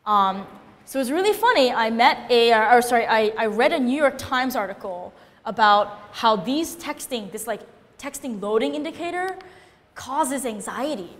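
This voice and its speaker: A woman giving a casual, animated classroom lecture, often checking in with her listeners by asking "right?". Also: on the high side, moderate pace, big-room sound.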